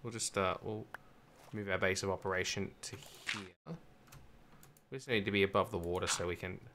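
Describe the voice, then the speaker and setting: A man's voice: sits low, fairly even intonation, normal speed, noisy background. A man casually narrating his own gameplay, talking himself through each step with dry self-mocking asides. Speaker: gamer streaming a survival server. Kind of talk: casual let's-play commentary.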